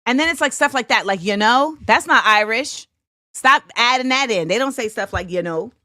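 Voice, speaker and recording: A woman hosting a casual livestream, chatting with viewers. She jumps between loud, excited exclamations and quiet muttering to herself. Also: medium pitch, no room sound, studio quality. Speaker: host.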